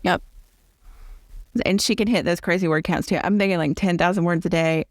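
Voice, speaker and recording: A woman's voice: lowish voice, steady tone, brisk, no room sound, studio quality. A woman from the American South with a Southern accent, hosting a podcast interview and chatting casually. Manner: chatty, thinks aloud with restarts. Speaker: podcast host.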